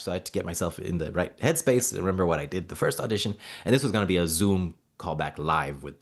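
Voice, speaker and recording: Actor guest from Mauritania: a low-voiced man, lively anecdotes, acts out the dialogue. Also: quick pace, hardly any pauses, breathy edge. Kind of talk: casual interview storytelling.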